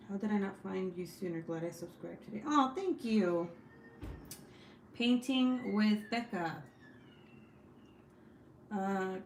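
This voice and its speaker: Her fairly low voice carries vocal fry and a slight mellowness as this young craft streamer reads viewer comments aloud. She rambles casually, swearing and laughing along the way, in an echoey room with a faint hiss.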